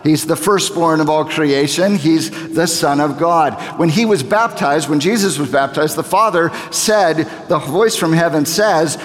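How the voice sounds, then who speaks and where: A man's voice: a little high, unhurried. A man in his thirties preaching a sermon as a pastor, earnest and repeating key phrases for emphasis as he builds to fervor. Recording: long reverb of a large hall.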